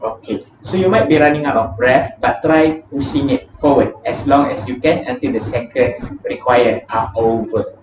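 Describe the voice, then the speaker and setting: A man leading a vocal warm-up lesson, counting down breathing sets and explaining each step in a casual, plain way. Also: mid-range voice, normal speed, faint music behind. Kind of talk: guided breathing exercise lesson. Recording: echoey room, distant mic, dull and noisy.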